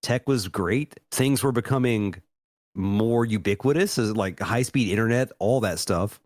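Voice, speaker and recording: A man's voice: lowish voice, unhurried, darkish tone, no room sound, studio quality. An American man in his thirties co-hosting a podcast, chatting casually with a profane, self-mocking, rambling manner. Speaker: podcast co-host.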